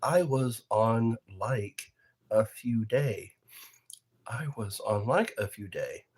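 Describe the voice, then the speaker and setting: A man's voice: on the low side, animated, takes it slowly, a little mellow, breathy edge. A man hosting a livestream, chatting casually and drifting from topic to topic with chuckles. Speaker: livestream host. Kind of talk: rambling casual livestream chat.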